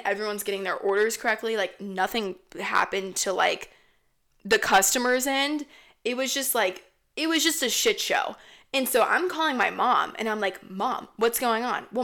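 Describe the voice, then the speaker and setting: Profane young woman telling a rambling story. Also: mid-range voice. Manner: profane, rambling, animated retelling. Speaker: podcast host. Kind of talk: casual storytelling.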